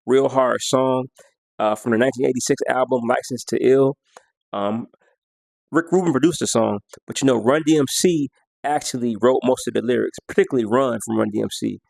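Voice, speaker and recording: A man's voice: mid-range voice, a little fast, vocal fry, darkish tone, no room sound. A man counting down his favorite songs in a casual, slangy way, half-singing lyrics and beats as he goes. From United States. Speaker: music vlogger.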